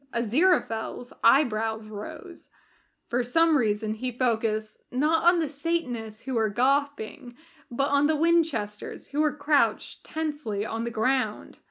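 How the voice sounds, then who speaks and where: A woman reading fan fiction aloud as a podfic narrator, in an even storytelling manner. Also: on the high side. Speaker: podfic reader.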